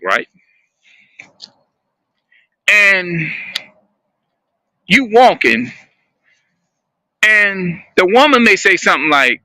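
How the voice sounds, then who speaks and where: A man talking to his viewers in a rambling, halting monologue, often repeating and restarting his phrases. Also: on the high side, pushed and bright, dry recording.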